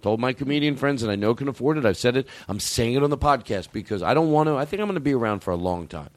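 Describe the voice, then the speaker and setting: A man hosting a comedy podcast, ranting in a profane, excitable, rambling way. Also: medium pitch, fast talker, no echo. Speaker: podcast host. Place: podcast studio.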